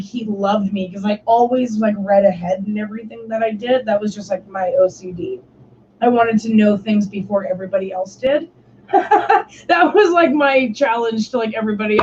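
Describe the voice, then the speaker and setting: A woman's voice: medium pitch, normal speed, darkish tone, a little hiss or hum. A young woman hosting a stream, telling stories in casual chat, swearing often and saying "like" constantly. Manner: swears often, heavy use of "like". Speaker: stream host. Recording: muffled lo-fi stream audio.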